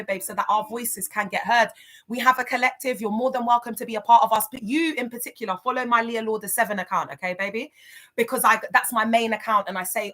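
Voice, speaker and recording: Bright, slangy woman live-streaming. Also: fairly high pitch. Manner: lively, slangy, talks straight to the chat with endearments; outspoken and emphatic. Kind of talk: casual live-stream chat with viewers.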